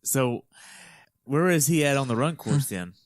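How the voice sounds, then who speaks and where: A man's voice: mid-range voice, expressive, unhurried, dry recording, studio quality. A man hosting an interview podcast, asking short questions and reacting briefly. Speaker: podcast host. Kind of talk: casual interview.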